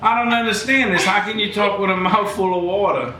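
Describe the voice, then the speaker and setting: A father joining a casual family chat, slow-spoken and puzzled, laughing often. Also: sits high, sharp tone. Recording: echoey room with background noise.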